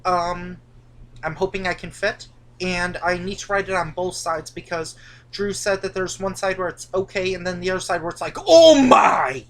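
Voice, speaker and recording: A woman's voice: lowish voice, level tone, moderate pace, fairly bright tone. A woman co-hosting a casual chat about theme park rides, teasing and chatty, recorded indoors. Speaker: co-host of a coaster channel. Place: indoors, dim room at home.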